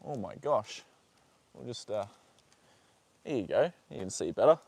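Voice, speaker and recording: A man's voice: lowish voice, very animated, unhurried, creaky, darkish tone. An Australian man hosting a casual livestream from a horse paddock, chatting to viewers, reading out their comments and talking fondly to his horses, with casual swearing. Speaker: livestream host.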